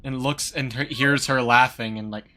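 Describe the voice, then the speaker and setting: A man's voice: medium pitch, steady tone, normal speed, background noise. A man playing his character in a tabletop game, talking casually and hesitantly. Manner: hesitant, with many fillers. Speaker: player.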